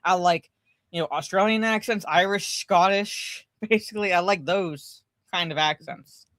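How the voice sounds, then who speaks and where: A woman's voice: fairly low pitch, moderate pace, fairly bright tone, dry recording. A woman hosting a casual pop culture podcast, rambling with many fillers and frequent laughs. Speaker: podcast host. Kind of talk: casual chat.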